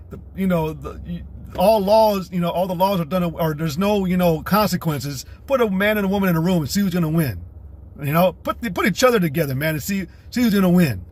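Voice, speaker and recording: A man with a slightly raised, husky voice rants on a livestream. He is scornful and combative and curses freely. He rambles along and stops now and then to read scripture aloud. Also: sits high. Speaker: livestream host. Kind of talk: profane religious rant on a livestream.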